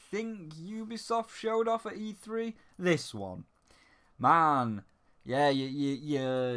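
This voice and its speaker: Sarcastic, bright-voiced male game reviewer. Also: on the high side. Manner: sarcastic, profane, mocking.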